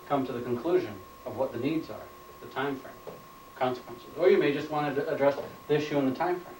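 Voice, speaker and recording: A man's voice: medium pitch, a little mellow, slight background noise. A man giving a training lecture, plainly stating points and repeating them as questions, recorded indoors on a camera mic from a distance. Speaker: instructor. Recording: roomy, off-mic room sound.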